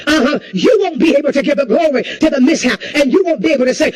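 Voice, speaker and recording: A woman's voice: sits high, lively intonation, fast talker, low-quality recording. Impassioned woman preacher, repeating lines. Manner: impassioned, repeats lines and asks the crowd if they hear her; rises to shouts and a crying tone at peaks. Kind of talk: sermon.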